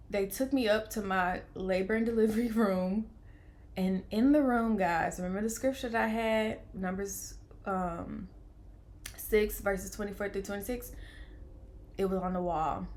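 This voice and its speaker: A young woman, telling a personal story in a casual vlog, lively, playing out the voices of people she quotes. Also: medium pitch, slow, long pauses. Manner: animated, acts out quoted voices, laughs often. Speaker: vlogger telling her birth story.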